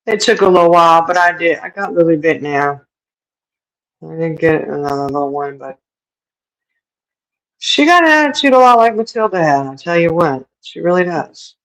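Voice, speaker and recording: Laughing often as she answers viewers, a middle-aged woman hosts a casual livestream via a streaming setup. Her fairly low, expressive voice has a fairly bright tone, moves at normal speed with long pauses, and comes through in a rough recording.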